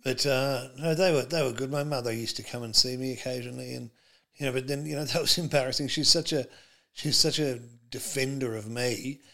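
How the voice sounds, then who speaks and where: Gravelly-voiced man, rambling chat. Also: mid-range voice, steady tone, a little fast, a bit bright. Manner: rambling, many fillers and restarts. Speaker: podcast guest, comedian. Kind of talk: casual interview chat.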